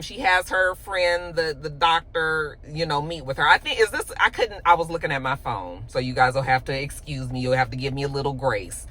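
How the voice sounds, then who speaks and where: A woman host recapping a TV episode in casual chat, animated and profane, filling her lines with "you know.". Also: deep voice, rough recording.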